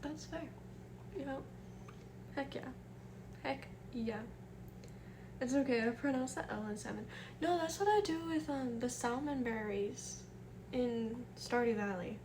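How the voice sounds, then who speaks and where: A young woman from the American Midwest, streaming live and chatting softly with her viewers, greeting them by name and reading their messages aloud. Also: a little high, unhurried, long pauses, background noise. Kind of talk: casual chat with chat readers.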